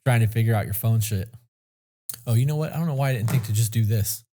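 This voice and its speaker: Blunt, swearing man with a mellow voice. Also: mid-range voice, fast talker. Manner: blunt, heavy swearing, rambling. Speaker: podcast co-host. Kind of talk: casual podcast chat.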